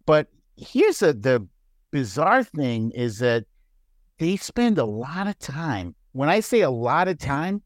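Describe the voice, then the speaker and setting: A man chatting casually as a podcast guest, laughing often and jumping into high mocking voices. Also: very animated, takes it slowly, dry recording, studio quality. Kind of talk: casual chat.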